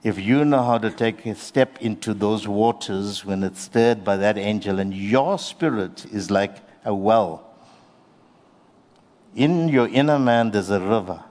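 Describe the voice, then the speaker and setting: A man with a lowish voice preaches in an earnest, unhurried way, drawing out key phrases for emphasis. His words ring with the long reverb of a large hall. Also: a little mellow. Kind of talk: sermon.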